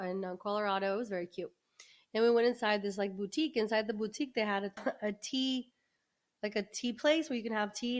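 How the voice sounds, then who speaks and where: Animated woman telling a story. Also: fairly high pitch. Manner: animated, chatty storyteller, restarts and quick asides. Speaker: podcast co-host. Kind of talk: casual storytelling.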